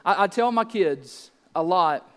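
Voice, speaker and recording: A man's voice: sits high, expressive, a little slow, fairly bright tone, big-room sound. A man in his thirties preaching a sermon as pastor, earnest and emphatic, asking rhetorical questions.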